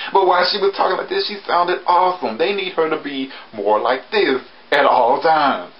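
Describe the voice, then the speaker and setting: A man's voice: a little fast, few pauses, highs cut off, slight background noise. Chatty sarcastic man reviewing an episode. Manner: chatty, sarcastic asides, animated pitch jumps. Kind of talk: casual spoken review.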